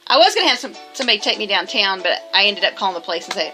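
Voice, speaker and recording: A woman's voice: medium pitch, sing-song, rapid-fire, over music. A woman talking casually to camera in a vlog, emphatic and defensive, rambling with restarts. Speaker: vlogger.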